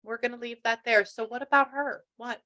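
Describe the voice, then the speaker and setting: A woman's voice: on the high side, steady tone, a little fast, pushed and bright. Chatty woman in her sixties. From Texas. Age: 60s. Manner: chatty, relays messages with asides and quoted dialogue. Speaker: spiritual medium. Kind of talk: mediumship reading on a call.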